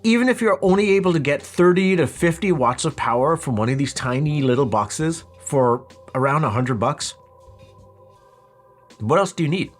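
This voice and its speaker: A man's voice: fairly high pitch, expressive, normal speed, faint music behind. A man talking through a product review in a casual, wry, conversational way. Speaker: audio equipment reviewer.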